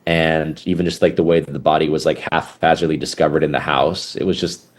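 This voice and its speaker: A man's voice: rumbling low, fairly even intonation, brisk. A man who is a guest on a podcast, talking earnestly in casual chat with many hesitations. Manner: earnest, hesitant, restarts often.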